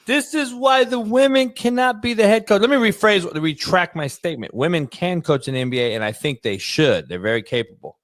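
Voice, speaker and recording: A male sports talk host who rants loud and profane, breaking into jokes mid-thought. His voice is high for a man and bounces all over the place. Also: a little fast, few pauses, no echo, studio quality. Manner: profane, animated, loud, jokey. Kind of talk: casual chat.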